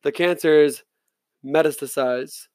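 A man voicing a hospital doctor who speaks in a measured, clinical way. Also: on the high side, a little mellow, no echo, lightly acted. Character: calm, brisk male hospital doctor.

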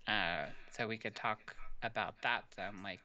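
A man hosting a podcast, steering a relaxed, casual conversation. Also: fairly low pitch, a little slow, dull audio. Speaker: podcast host. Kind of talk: casual chat.

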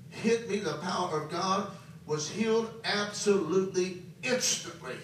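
A man preaching a sermon, swinging between soft and loud and repeating phrases for emphasis. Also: high voice, unhurried, slight background noise. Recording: very echoey hall, voice from far off.

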